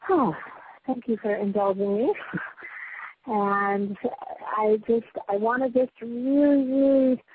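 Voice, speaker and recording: A woman's voice: a little high, narrow, tinny audio, a little hiss or hum. A woman teaching a Torah class to a small group. She is earnest and emphatic, often restarts her phrases and checks in with her listeners. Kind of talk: spiritual lecture to a small group.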